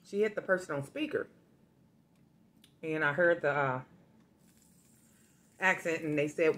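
A woman food vlogger with a fairly low voice, chatting straight to her viewers. She tells stories in an animated, familiar way, like she's catching up with friends. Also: normal speed, long pauses. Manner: chatty, addresses viewers directly, animated storytelling. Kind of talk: casual eating vlog with storytime.

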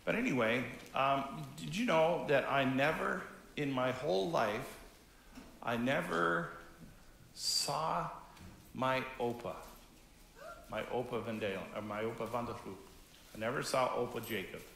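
Slow, gentle pastor in a roomy church. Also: male voice, mid-range voice, vocal fry, slight background noise. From Canada. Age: 50s. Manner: gentle, conversational, talks directly to children. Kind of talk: children's message in a church service. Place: church sanctuary.

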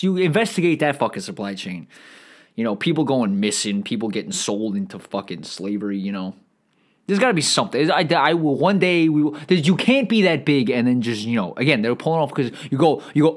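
A man's voice: mid-range voice, big pitch swings, brisk. A man holds forth alone on his podcast in a loose, profane comedic monologue. He stumbles and restarts constantly, repeating words before getting back on track. He sounds bloated and irritable. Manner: profane, rambling, frequent restarts and stammers. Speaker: podcast host.

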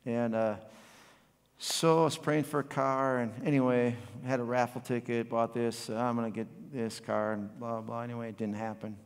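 A pastor in his forties preaching a sermon, swinging from loud passionate bursts to quiet, reflective storytelling. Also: mid-range voice, little pitch movement, moderate pace, clear, resonant tone. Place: church sanctuary. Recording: long hall reverb.

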